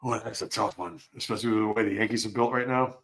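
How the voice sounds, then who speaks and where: A man hosting a live sports talk stream, reading chat comments and giving opinionated, animated reactions. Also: fairly low pitch, fast talker. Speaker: sports show host.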